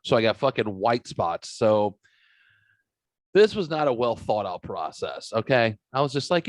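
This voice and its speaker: A man's voice: medium pitch, expressive, brisk, no room sound. A man hosting a podcast, talking in a profane, rambling, self-mocking way. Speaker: podcast host. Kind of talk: casual podcast banter.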